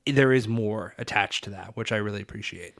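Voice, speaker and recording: A man's voice: on the low side, a little fast, vocal fry, a bit bright. A man co-hosting a film-history podcast in a casual, thoughtful way, with fillers now and then. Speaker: podcast co-host.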